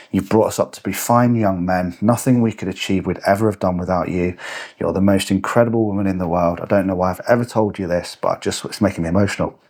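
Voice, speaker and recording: Gruff guy opening up slowly, as a coach quotes him, low voice. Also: a little mellow. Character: gruff grown man client, reluctant to open up.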